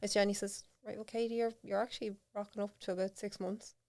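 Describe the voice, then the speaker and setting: A woman's voice: medium pitch, quick pace. Irish woman telling her story. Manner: animated, acts out quoted voices, laughs often. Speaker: podcast guest. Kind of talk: candid storytelling in casual chat.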